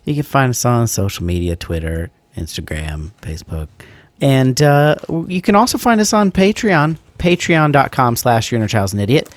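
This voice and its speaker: A man co-hosting a podcast, running through the outro and thanking patrons in a brisk, playful way. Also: medium pitch, sing-song, no room sound. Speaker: podcast co-host.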